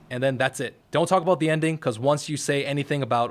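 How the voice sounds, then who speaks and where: A man's voice: medium pitch, fast talker, few pauses. Man coaching beginners, direct and upbeat. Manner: coaching, direct, repeats "all right?". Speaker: YouTube tutorial host. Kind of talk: casual how-to talk to camera. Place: office next to a firehouse.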